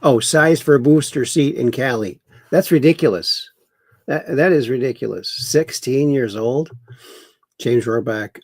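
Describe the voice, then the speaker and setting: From home in Wisconsin, this livestream host reads out viewer chat and chuckles while mocking the news in casual political commentary. He has a husky, medium-pitched voice and an unhurried pace, with a dry recording and clean studio sound.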